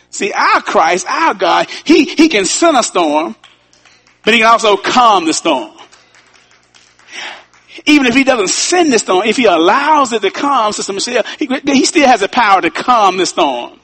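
A man's voice: high-pitched, very animated, moderate pace, bright, forceful tone, slightly rough. A man preaching a sermon as pastor, building emphasis and calling out to his congregation. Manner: preaching with rising emphasis and call-outs to the congregation.

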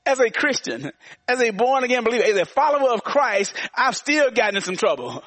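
High-voiced preacher man around sixty. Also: sing-song, normal speed, fairly bright tone, dry recording. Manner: repetitive call-and-response preaching with frequent laughs. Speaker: pastor. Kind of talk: sermon.

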